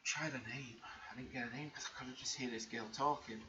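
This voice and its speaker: A man's voice: mid-range voice, steady tone, a little fast. A man vlogging, telling an emotional personal story in an earnest, rambling way with many restarts. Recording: muffled lo-fi recording with faint background hiss.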